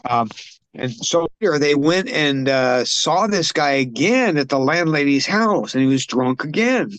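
A man's voice: a little high, lively intonation, a little slow, a bit bright, no echo. Rambling man recapping a film. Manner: rambling plot recap with filler words. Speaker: podcast co-host. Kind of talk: casual film discussion.

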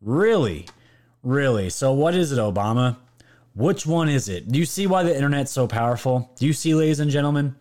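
A man's voice: mid-range voice, expressive, a little fast, a little mellow. Mocking male political commentator. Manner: mocking, incredulous, emphatic. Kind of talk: reacting to clips, direct address to viewers.

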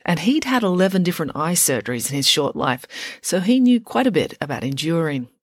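A woman narrating a children's story in an expressive, wry way. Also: sits low, a little fast, dry recording, clean studio sound. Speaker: audiobook reader.

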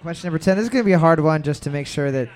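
High-voiced man calling a trivia round. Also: racing, a crowd in the background. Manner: loud repeated calls of "boards up", joking asides. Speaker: trivia host. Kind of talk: casual podcast banter, running a music round.

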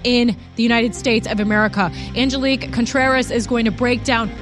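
A woman's voice: fairly high pitch, steady tone, a little fast, music in the background. Chatty indignant talk show host woman. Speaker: guest host. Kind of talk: opinionated talk show hosting.

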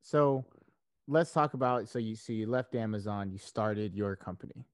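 A man's voice: lowish voice, moderate pace, dry recording, clean studio sound. A man hosting a podcast, asking questions casually and enthusiastically, with lots of "like" and "yeah". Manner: enthusiastic, loose, many "like"s and "yeah"s. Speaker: podcast host. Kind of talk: casual interview.

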